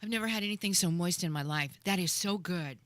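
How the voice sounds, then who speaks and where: Relaxed, lower-voiced woman radio host. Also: fast talker, dry recording. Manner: relaxed, chatty, wraps up the show. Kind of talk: casual live radio chat. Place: radio studio.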